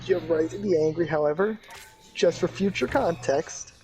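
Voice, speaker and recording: A man in a casual voice chat with friends, talking in a mock-formal, measured, lecturing way. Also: fairly high pitch, mellow, soft background music, low-quality recording. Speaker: gamer in a friend group.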